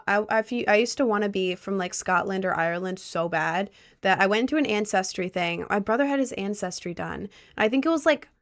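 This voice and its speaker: A woman's voice: mid-range voice, fairly bright tone. A young woman from Maryland chatting casually on a livestream, answering viewer questions with playful, dry sarcasm. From Maryland, USA. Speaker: streamer reading chat.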